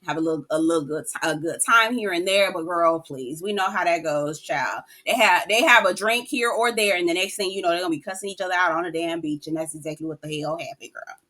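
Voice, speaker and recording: A woman recapping a reality show in a sassy, animated way, cussing freely and calling her listeners "girl.". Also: lowish voice, fast talker, hardly any pauses.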